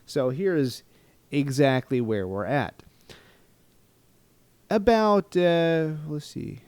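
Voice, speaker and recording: A man's voice: on the high side, very animated, slow pace, darkish tone, no echo. A man from Texas casually telling a travel story to his viewers, rambling and poking fun at himself. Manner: rambling, self-mocking, laughs at his own story. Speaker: vlogger.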